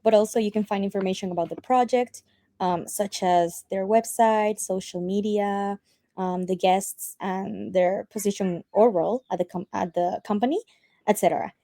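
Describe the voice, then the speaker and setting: A woman with a Spanish accent and Spanish as her first language, giving a community call update with frequent pauses and ums. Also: medium pitch. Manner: soft-spoken with frequent ums. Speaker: community team member.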